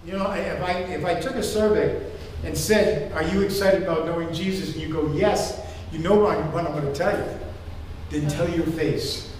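An older man preaching a sermon as pastor, joking and animated. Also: high voice, slight background noise. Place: church sanctuary. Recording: echoey church hall from far off.

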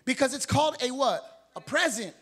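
High-voiced, exhorting male pastor. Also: moderate pace. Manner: energetic, exhorting, calls out questions to the congregation. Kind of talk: sermon. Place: church sanctuary.

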